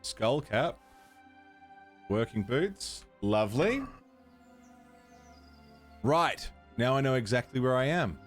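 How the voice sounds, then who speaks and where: Male streamer, mid pitch, relaxed chatty delivery, faint music bed. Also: slow, long pauses. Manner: chatty, talks to his cat and chat. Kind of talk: casual livestream chat.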